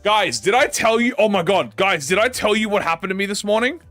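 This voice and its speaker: A man with a high, wildly swinging voice tells a story in casual chat, excitable and full of swearing, often restarting mid-sentence. The sound is dry and close, with soft music running underneath. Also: brisk, dry recording. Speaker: gaming YouTuber.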